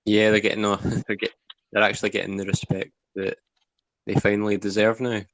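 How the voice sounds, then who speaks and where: A man's voice: fairly low pitch, little pitch movement, brisk, fairly bright tone, no room sound. A man co-hosting a casual review podcast, recapping scenes in a plain storytelling way. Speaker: podcast co-host.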